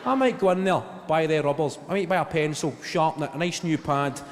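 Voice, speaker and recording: A man's voice: on the high side, fairly quick. Glaswegian man doing stand-up in a reverberant hall. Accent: Glaswegian Scottish. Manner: deadpan storytelling that bursts into shouted impressions. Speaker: stand-up comedian. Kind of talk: stand-up comedy routine. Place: large theatre stage. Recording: live theatre with long reverb, audience noise. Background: audience laughter.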